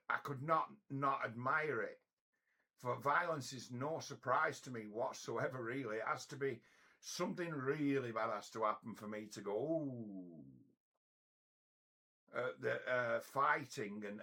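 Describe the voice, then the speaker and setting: Telling a loose, meandering story, this middle-aged man is blunt and swears freely. There's gravel and a touch of rasp in his mid-range voice, though a bright, forceful edge cuts through it.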